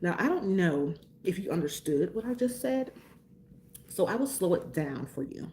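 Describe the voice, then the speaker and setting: A woman from Mississippi hosting a casual live stream, talking fast and chatting playfully with viewers while getting over a sore throat. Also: lowish voice, big pitch swings, warm tone, a little hiss or hum. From Mississippi, USA.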